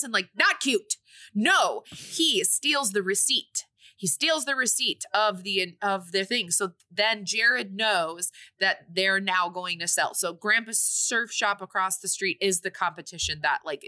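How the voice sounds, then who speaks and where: A woman co-hosting a podcast, telling a movie's plot in a casual, animated way and slipping into playful voices for the characters. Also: medium pitch. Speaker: podcast co-host recapping a movie. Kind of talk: casual chat.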